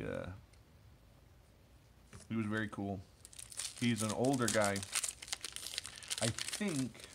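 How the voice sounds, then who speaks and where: Chatty low-voiced man in his thirties. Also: fairly bright tone, slight background noise. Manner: chatty and enthusiastic, with many fillers and asides. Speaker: card collector opening packs. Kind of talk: casual rambling commentary while opening cards.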